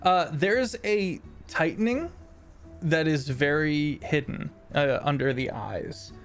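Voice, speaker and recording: A man narrating a tabletop role-playing game as game master, halting with many fillers. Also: a little high, faint music behind.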